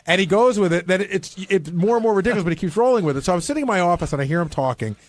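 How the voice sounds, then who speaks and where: A man's voice: sits high, lively intonation, very fast. A man, a radio show regular, probing a coworker and retelling anecdotes in casual studio banter. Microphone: studio microphone.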